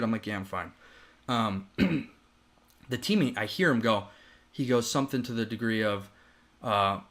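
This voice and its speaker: A man on a podcast telling a story in casual chat, animated and profane, rambling with restarts. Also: medium pitch, normal speed. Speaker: podcast host.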